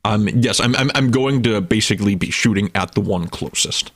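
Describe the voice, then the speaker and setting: A man's voice: lowish voice, normal speed, a bit bright, no echo, clean studio sound. A man playing a tabletop game, joking and teasing the others. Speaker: player. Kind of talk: casual tabletop play.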